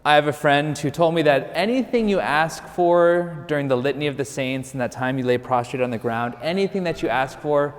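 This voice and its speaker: Priest preaching in a reverberant church. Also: male voice, fairly high pitch, a little fast, few pauses. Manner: conversational, lightly joking storytelling. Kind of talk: sermon.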